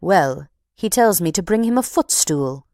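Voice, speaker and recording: A woman's voice: fairly low pitch, lively intonation, measured pace, a little mellow, no room sound, studio quality. A woman voicing an indignant, talkative middle-aged box-keeper who tells her story haughtily. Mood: haughty.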